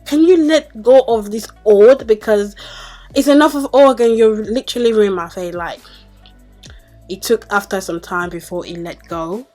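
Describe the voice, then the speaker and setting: A woman's voice: mid-range voice, moderate pace, dark tone, faint music behind. Chatty young woman vlogger, exasperated. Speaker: beauty vlogger. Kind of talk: casual storytelling to camera.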